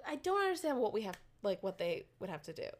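A woman's voice: mid-range voice, very animated, quick pace. A young woman chatting casually, telling a story with many fillers and little laughs. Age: young adult. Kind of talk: casual chat.

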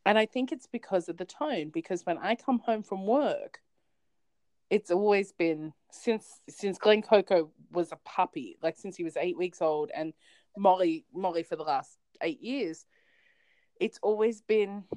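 A woman's voice: lowish voice, a little slow, no room sound, poor audio. Chatty, laughing woman podcast co-host. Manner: chatty, laughs often, animated storytelling. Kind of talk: casual chat.

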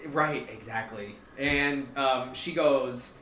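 A man co-hosting a comedy podcast, narrating an improvised story slowly with many hesitations. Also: medium pitch, a bit bright, reverberant. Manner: slow, hesitant narration with fillers. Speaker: co-host.

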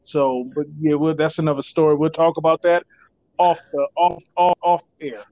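High-pitched, joking, profane man. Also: level tone, normal speed, dark tone, no echo, lo-fi sound. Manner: profane, joking, loose slang. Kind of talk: casual chat.

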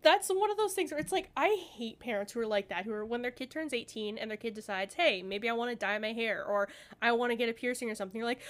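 High-voiced young woman ranting bluntly. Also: quick pace, few pauses. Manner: blunt, profane and animated, acting out quoted voices. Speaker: podcast co-host. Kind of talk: casual chat.

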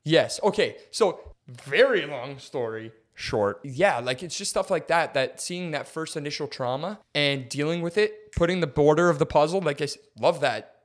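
A man's voice: moderate pace, few pauses. A young man co-hosting a podcast, telling a story casually and acting out quotes with big jumps in his voice. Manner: animated, acts out quotes with big pitch jumps. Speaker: podcast co-host.

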